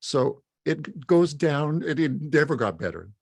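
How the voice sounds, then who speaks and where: A man's voice: fairly high pitch, sing-song, unhurried, gravelly, breathy edge, no echo, clean studio sound. A man in his seventies from Saskatchewan telling a self-mocking story at a fireside talk, chuckling often. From Saskatchewan, Canada. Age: 70s. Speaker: musician and speaker.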